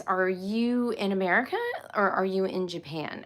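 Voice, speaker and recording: A woman's voice: medium pitch, normal speed. A middle-aged woman hosting a casual livestream for homeschool viewers, tired and a bit loopy, rambling, giggling and apologizing as she talks. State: tired and loopy after a long workday.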